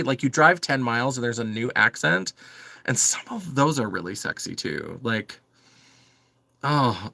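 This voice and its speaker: Man, makeup livestream host, casual chatty talk, gravelly fry, crisp forceful tone, dry close sound. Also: mid-range voice, no room sound. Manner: chatty, many fillers, reads and answers chat.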